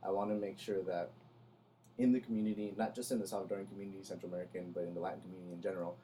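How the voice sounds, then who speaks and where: Deep-voiced laid-back man, dry delivery. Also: little pitch movement, very fast, dark tone, a little hiss or hum. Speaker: content creator. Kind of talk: casual conversation.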